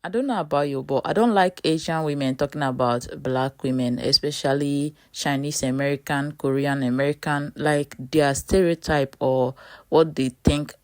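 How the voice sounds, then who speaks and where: A woman's voice: sits low, moderate pace, no room sound. A woman reacting to a clip and pressing with challenging rhetorical questions. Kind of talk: reaction video commentary.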